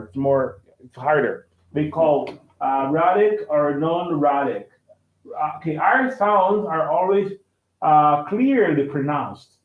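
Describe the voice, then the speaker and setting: A Brazilian-accented man explains things slowly and haltingly, often circling back and checking in with "right?". His voice is fairly high for a man. The sound is thin and tinny, as if caught on a phone in an echoey room. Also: expressive. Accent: Brazilian Portuguese. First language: Portuguese. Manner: halting, repeats himself, asks "right?" often. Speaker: language teacher. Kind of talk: casual classroom explanation.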